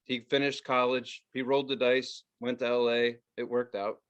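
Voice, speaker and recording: A man's voice: mid-range voice, normal speed, clean tone, highs cut off. A man co-hosting a casual podcast, telling a work story and acting out every quote with lots of laughter. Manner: animated storyteller, acts out quotes, laughs often. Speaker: podcast co-host.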